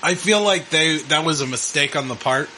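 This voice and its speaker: A man's voice: a little high, moderate pace, bright, forceful tone, slight background noise, low-quality recording. A middle-aged man co-hosting a casual podcast, rambling with ums and laughing often. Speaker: podcast co-host. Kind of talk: casual chat.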